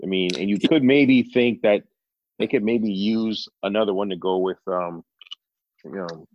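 Low-voiced man with hesitant chatter. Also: unhurried, lo-fi sound. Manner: hesitant, restarts often. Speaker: podcast co-host. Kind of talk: casual chat.

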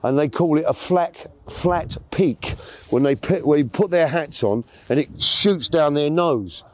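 A man's voice: on the high side, measured pace. A man, telling a long story as an interview guest in a rambling, chatty way, correcting himself as he goes. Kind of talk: casual storytelling.

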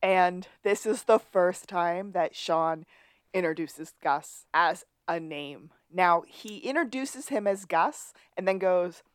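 Low-voiced woman co-host, dry sound. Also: slow, clean tone, dry recording. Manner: chatty storyteller, laughs often. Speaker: podcast co-host. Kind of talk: casual recap chat.

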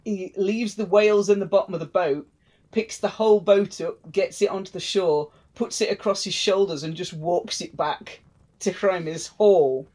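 A woman's voice: medium pitch, moderate pace, warm tone, low-quality recording. A woman hosting a podcast, retelling a myth in a chatty, wry way. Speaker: podcast host.

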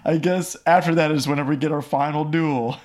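A man's voice: a little high, fairly even intonation, brisk, darkish tone. A man co-hosting a podcast, making wry remarks in a casual comedic movie recap. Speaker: podcast co-host.

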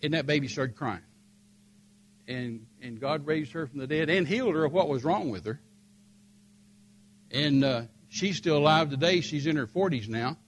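An older man telling a story in a sermon, emphatic and rising to forceful peaks. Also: mid-range voice, slight background noise. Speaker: preacher.

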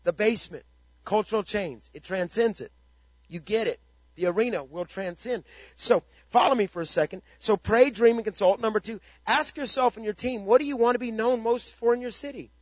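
A man's voice: sits high, a little fast, dry recording, muffled recording. A man pastor giving a motivational ministry talk, emphatic and fond of repeated rhetorical questions.

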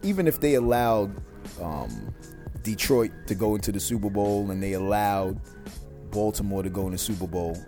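Loud, joking man co-hosting a radio show. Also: fairly low pitch, lively intonation, moderate pace, soft background music. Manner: loud, laughing, crude joking. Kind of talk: casual banter on a radio show.

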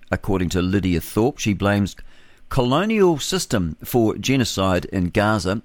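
Dry, low-voiced New radio host. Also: male voice, dry recording. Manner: scornful remarks between headlines. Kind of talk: reading news headlines with opinionated asides.

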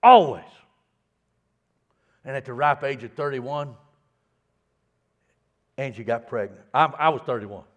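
A middle-aged man preaching a sermon in a folksy, stammering way, dropping to a hush and then building loud. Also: mid-range voice, measured pace, pauses often, highs cut off. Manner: folksy, repeats words, swings from hushed to loud. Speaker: pastor.

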